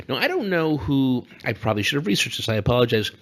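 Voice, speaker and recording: A man co-hosting a casual political podcast, with a voice of ordinary pitch. He rambles, jokes and laughs often, and keeps the talk loose. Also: very animated, fast talker, few pauses, fairly bright tone. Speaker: podcast co-host.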